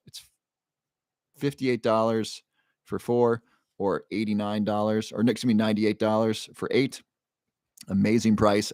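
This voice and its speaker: A man hosting a casual livestream, greeting viewers from the chat by name and pitching a supplement with upbeat energy. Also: no echo, studio quality. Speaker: livestream host.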